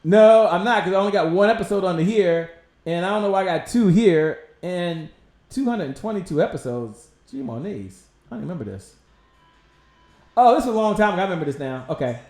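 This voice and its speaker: A man hosting a live-streamed talk show, excitable and animated, talking straight to his viewers and his guest. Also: sits high, a little fast, faint music behind. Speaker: show host.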